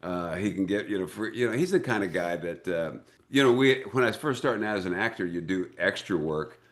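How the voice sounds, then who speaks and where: Older american guy, really low voice, spinning stories and doing all the voices. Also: a little fast. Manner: animated storyteller who acts out quoted voices. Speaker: actor and director, guest. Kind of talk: casual interview storytelling.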